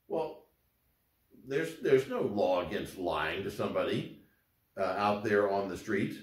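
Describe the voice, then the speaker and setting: A man with a fairly low voice lectures on law in a loose, conversational way, circling back and repeating words as he works through each point. The recording has a noticeable roomy echo. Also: measured pace.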